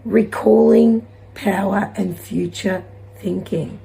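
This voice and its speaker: A woman giving a gentle, encouraging spiritual card reading to her viewers, rambling at times. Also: mid-range voice, slow, gravelly. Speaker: intuitive card reader.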